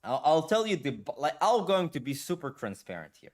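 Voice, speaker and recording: Brief: male gaming streamer, slightly high voice, casual profane ranting. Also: big pitch swings, brisk. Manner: blunt, profane, filler-heavy with "like" and "bro".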